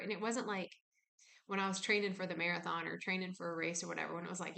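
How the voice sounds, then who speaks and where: A woman's voice: lowish voice, steady tone, a little fast, vocal fry, a bit bright. Candid woman musing at home. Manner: candid, musing, acts out inner dialogue. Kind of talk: reflective personal vlog talk. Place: home kitchen.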